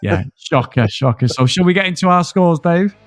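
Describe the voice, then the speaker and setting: A man's voice: fairly high pitch, animated, normal speed. A man co-hosting a casual film review podcast, blunt and sweary, ranting about a movie he dislikes. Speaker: podcast co-host reviewing films.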